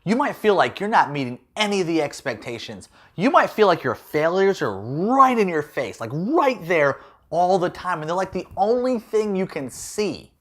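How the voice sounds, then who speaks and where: A man's voice: sits high, sing-song, moderate pace, a bit bright. A man giving a playful, jokey youth talk as a youth pastor.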